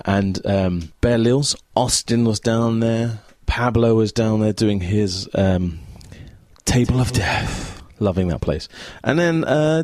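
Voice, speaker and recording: A man's voice: medium pitch, a little mellow, dry recording. A man hosting a casual solo podcast from his home, chatting in a rambling, easily distracted way as a Scout leader. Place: at home by a window.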